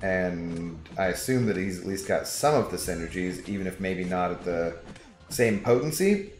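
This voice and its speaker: A man's voice: low-pitched, lively intonation, normal speed, a little mellow. A young man casually chatting with viewers during a game livestream, rambling and reading chat messages aloud. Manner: laid-back, rambling, reads chat aloud. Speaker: game streamer. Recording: echoey room with background music.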